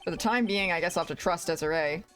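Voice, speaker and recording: A woman's voice: fairly low pitch, fast, a bit bright, faint music behind, close to an everyday voice. A woman voicing an earnest young male defense lawyer in her plain, thoughtful reading voice.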